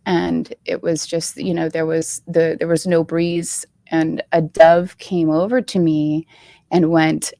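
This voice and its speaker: Earnest, heartfelt woman with gravelly low voice. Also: level tone, a little slow, dark tone, dry recording. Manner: earnest, heartfelt storytelling with many ums. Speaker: author guest. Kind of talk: live interview conversation. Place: live online show.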